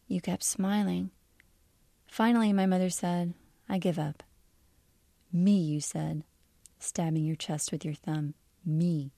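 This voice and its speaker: A woman author reading aloud from her own literary fiction in a measured, even storytelling manner. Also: on the low side, gravelly, no room sound.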